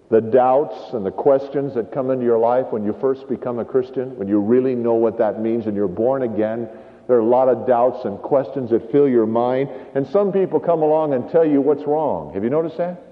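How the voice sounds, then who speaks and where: A man preaching a sermon as pastor, emphatic and animated, telling stories to make his point. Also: mid-range voice. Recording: tinny, phone-like, hall reverb.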